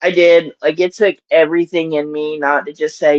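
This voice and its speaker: A woman's voice: low-pitched, flat delivery, moderate pace, lo-fi sound. A woman with a Southern US accent chatting casually to her live-stream audience, rambling and laughing often.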